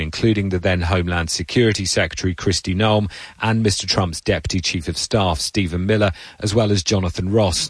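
A man delivering a scripted news report as a correspondent, measured and even. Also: sits low, no room sound.

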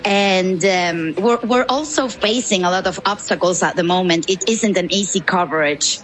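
A woman from Venezuela, a journalist, answering interview questions in a measured, steady way with soft fillers. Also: on the low side, poor audio.

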